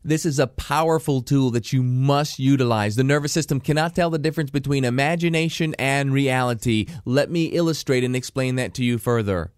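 A man giving a motivational self-help lesson, animated and quizzing the listener with questions. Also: mid-range voice, a little fast, hardly any pauses, clean tone, no echo, studio quality. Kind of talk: motivational teaching talk.

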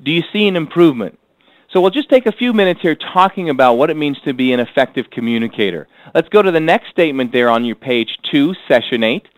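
A man teaching a workbook course. He repeats key phrases slowly so listeners can fill in blanks, and he speaks in an earnest, motivational way. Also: medium pitch, no room sound, poor audio. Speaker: course instructor.

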